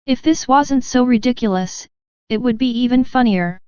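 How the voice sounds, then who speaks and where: A woman's voice: on the high side, normal speed, mellow, clean tone, no echo, lightly acted. A woman voicing a little man in a storybook who mocks his own fear and speaks earnestly.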